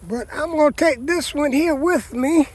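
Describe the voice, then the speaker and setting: It's a casual vlog from a gardener touring his vegetable beds, speaking at normal speed in an extremely high-pitched voice. He chats folksily with his viewers and frequently refers to them as "people."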